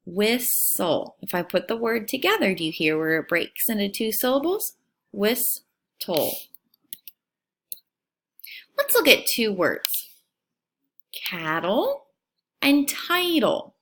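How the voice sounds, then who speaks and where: A woman teacher giving a recorded phonics lesson for young children, speaking clearly and stretching out words. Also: medium pitch, wildly swooping pitch, slow pace, long pauses, fairly bright tone. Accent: American.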